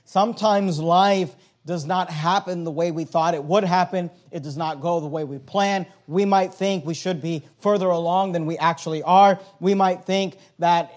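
High-voiced man preaching a sermon. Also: fairly even intonation, normal speed, hardly any pauses. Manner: earnest, emphatic when reading scripture aloud.

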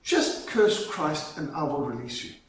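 A man's voice: on the high side, very animated, a little slow. A man voicing a threatening Roman official who speaks in a commanding way. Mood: coaxing. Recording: very echoey, from far off.

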